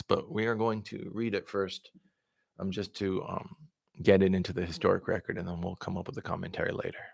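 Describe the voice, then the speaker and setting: A man's voice: fairly low pitch, vocal fry, dry recording, clean studio sound. A man reading news articles aloud in a plain voice, with occasional stumbles and repeats and offhand asides. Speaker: independent candidate reading the news.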